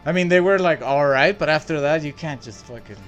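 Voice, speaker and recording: Casting: relaxed male co-host from El Paso, slightly high voice, swears freely, faint music bed. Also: fairly quick. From El Paso, Texas. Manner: laid-back, swears a lot, laughs often. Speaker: podcast co-host. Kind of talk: casual chat.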